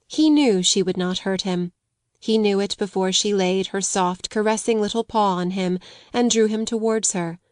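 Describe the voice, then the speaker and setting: A woman narrating a classic children's audiobook in a measured, gentle reading. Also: mid-range voice, no echo, clean studio sound. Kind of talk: scripted storybook narration.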